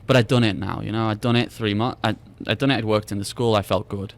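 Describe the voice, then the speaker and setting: A man's voice: fairly low pitch, fairly even intonation, fast, vocal fry. Rambling British man telling travel stories. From Britain. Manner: rambling storyteller who acts out dialogue with repeated restarts. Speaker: podcast guest. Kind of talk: casual chat.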